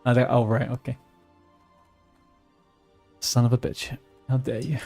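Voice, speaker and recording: A man's voice: medium pitch, flat delivery, a little slow, gravelly, a little mellow. Man, game streamer, casual joking chat, medium voice, faint music behind. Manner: chatty, joking, mutters and swears at the game. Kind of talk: casual live-stream chat while gaming.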